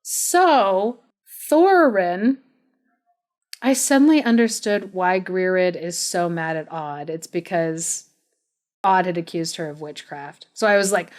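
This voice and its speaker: A young woman co-hosting a podcast, retelling a saga in a chatty, animated way. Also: medium pitch, unhurried. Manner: animated, chatty, laughs often, many "like"s. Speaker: podcast co-host. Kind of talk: casual storytelling.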